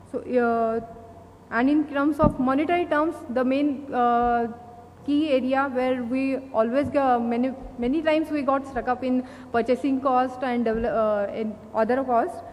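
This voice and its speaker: A woman with an Indian English accent giving a conference presentation, halting often with fillers and restarts. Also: high voice, darkish tone. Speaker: company speaker at an industry event. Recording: long hall reverb, faint noise.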